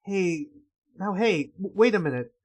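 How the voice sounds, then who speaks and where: A man's voice: high-pitched, expressive, a little slow, a little mellow, pitched above the performer's own voice. A man reading as a blunt, clumsy young warrior. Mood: flustered. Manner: stammering, blunt apologies.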